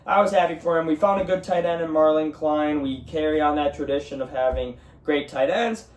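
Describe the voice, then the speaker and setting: A man's voice: fairly high pitch, brisk. A young man hosting a casual sports talk show, ranting heatedly with lots of swearing about missed effort and game plays. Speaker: sports podcast host. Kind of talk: casual solo commentary. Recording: roomy echo, distant mic.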